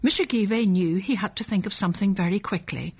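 A woman reading a children's story aloud, gently and lively, voicing each character. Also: mid-range voice, a little fast, slightly rough.

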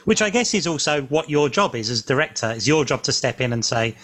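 A man's voice: mid-range voice, sing-song, fairly quick, a bit bright. A man interviewing a director, asking long, searching questions with hesitant restarts.

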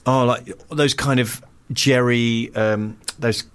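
A man's voice: mid-range voice, fairly even intonation, slow, fairly bright tone, smooth. Man, podcast co-host, loose rambling chat with frequent laughs. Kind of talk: casual chat.

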